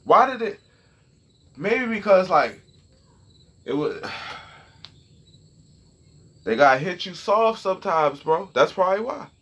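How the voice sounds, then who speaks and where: Young male vlogger, husky tone, animated and heated, swearing freely while talking to the camera. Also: high voice, slow, pauses often. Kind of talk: casual storytelling rant.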